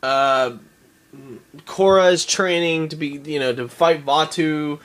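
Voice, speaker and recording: A man's voice: a little high, takes it slowly, a bit bright. A man giving a casual episode recap, rambling and swearing, often laughing. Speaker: show reviewer.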